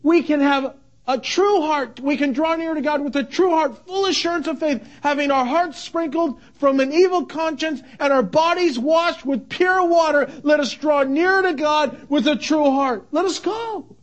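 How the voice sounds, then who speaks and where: A man with a notably high voice delivers a sermon as a pastor. He drops to a hushed near-whisper, then climbs to fervent, shouted declarations, hammering key words through repetition. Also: normal speed, highs cut off. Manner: emphatic, repeats key words. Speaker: father of young sons.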